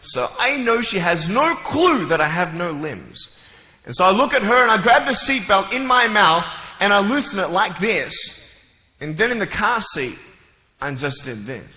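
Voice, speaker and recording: Young man, high voice, joking motivational speaker, big echoey hall, slightly muffled sound. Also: big pitch swings, moderate pace. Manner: playful, joking, acts out little scenes. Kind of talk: humorous talk to a live audience. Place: large hall with an audience.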